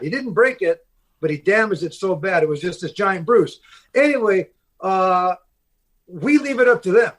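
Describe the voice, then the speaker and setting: This Seattle man, middle-aged and a fishing boat captain, spins rambling stories in a podcast interview, often restarting and using fillers. His voice sits high and is animated and a bit bright, at a moderate pace.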